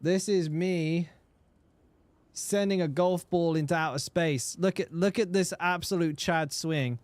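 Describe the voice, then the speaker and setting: A man's voice: a little high, measured pace, no room sound. A man streaming a game and chatting casually with viewers, swearing freely and often repeating words. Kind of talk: casual live-stream chat.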